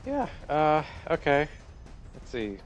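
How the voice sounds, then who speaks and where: A man playing in a tabletop game, thinking aloud about his character's moves with halting restarts. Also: fairly high pitch, huge pitch swings, lo-fi sound, faint music behind. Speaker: player. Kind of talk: casual table talk.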